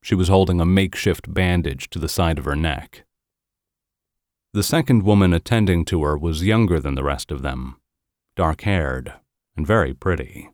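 In a low voice recorded with clean studio sound and no room sound, a man narrates an audiobook with a measured, even storytelling delivery.

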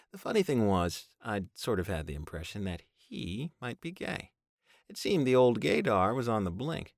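A man's voice: sits low, sing-song, normal speed, no room sound, clean studio sound. A man reading a first-person story aloud, wry and sardonic in his narration. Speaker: audiobook narrator.

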